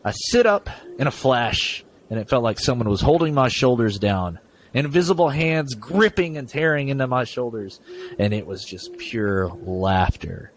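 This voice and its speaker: Animated stammering podcast host, man. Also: mid-range voice, moderate pace, slight background noise. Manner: stammering, repeats words. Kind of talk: casual chat and story reading.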